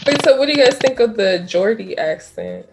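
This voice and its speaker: A woman's voice: on the high side, huge pitch swings, normal speed, background noise. A woman in a casual group chat, wry and joking.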